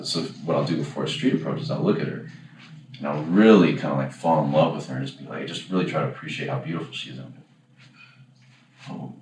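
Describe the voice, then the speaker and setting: A man coaching a class in a casual, rambling way, often correcting himself and acting out example lines. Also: a bass voice. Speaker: dating coach. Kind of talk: casual workshop lecture. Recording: echoey room, far from the mic, faint background noise.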